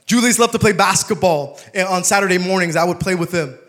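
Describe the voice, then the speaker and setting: A young man preaching a sermon, telling stories with humor and turning soft and emotional. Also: high-pitched, fairly quick.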